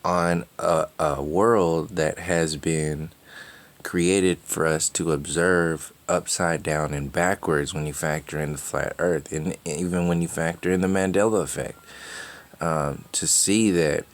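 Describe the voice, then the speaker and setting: A man's voice: deep voice, steady tone, slow pace. A man hosting his own video, speaking in a meandering, sarcastic monologue full of restarts and fillers. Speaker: video host. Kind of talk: rambling monologue.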